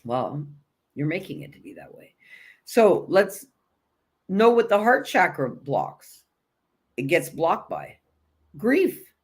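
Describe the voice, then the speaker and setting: A woman's voice: fairly low pitch, huge pitch swings, takes it slowly, pauses often, breathy edge. A woman coaching on energy and self-love in a blunt, emphatic, repetitive way, swearing casually and restarting her sentences. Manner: conversational, with frequent restarts and fillers. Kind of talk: motivational spiritual talk.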